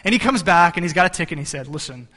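A man's voice: high-pitched, animated, rapid-fire, sharp tone, in a large hall. A man preaching a sermon, telling a story on himself with self-mocking humor and laughter, then explaining scripture. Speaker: pastor.

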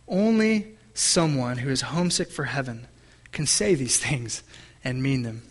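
With a high voice, a pastor reads scripture during his sermon and poses questions to the congregation. He alternates slow, emphatic phrases with quick asides, changing both his pace and his loudness.

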